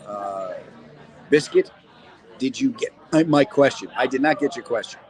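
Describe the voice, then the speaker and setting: Broadcasting from a cold cellar corner indoors, this middle-aged comic actor rambles and jokes while taking viewer questions. He speaks at normal speed in an expressive mid-range voice, with some chatter in the background and a rough recording.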